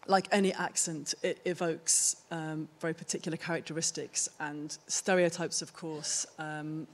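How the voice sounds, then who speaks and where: A woman's voice: sits low, little pitch movement, moderate pace, slight background noise. Thoughtful woman presenting her art. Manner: thoughtful, searching for words. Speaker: artist presenting her work. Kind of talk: conference talk. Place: theatre stage.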